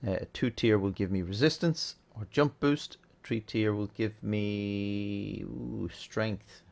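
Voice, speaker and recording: A man hosting a relaxed, chatty game tutorial, thinking aloud as he plays. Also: lowish voice, slow, vocal fry. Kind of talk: casual gameplay tutorial.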